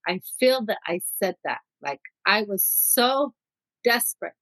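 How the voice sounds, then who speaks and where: A woman's voice: mid-range voice, animated, unhurried, fairly bright tone, no echo, rough recording. A middle-aged woman from Mexico, a guest telling her own story in an interview, vivid and acting out what people said. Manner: vivid storyteller who acts out quotes.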